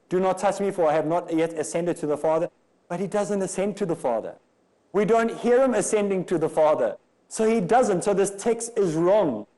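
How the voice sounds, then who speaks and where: A man's voice: high-pitched, mellow, rough recording. A man from Africa, giving a religious lecture and arguing through rhetorical questions. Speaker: Islamic lecturer.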